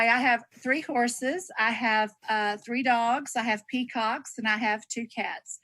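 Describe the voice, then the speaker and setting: A woman's voice: a little high, bright, forceful tone, dry recording, rough recording. A woman in her sixties from Texas with a Southern drawl, a nurse chatting on a group call and telling stories with easy laughs. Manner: chatty, storytelling, laughs easily. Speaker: registered nurse sharing testimonial. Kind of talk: casual chat on a group call.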